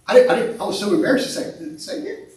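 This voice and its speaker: High-voiced preaching pastor, man, in an echoey church. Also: fast. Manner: animated preaching, repeats words, swings between loud and quiet. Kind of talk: sermon. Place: church sanctuary. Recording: echoey sanctuary, mic at a distance.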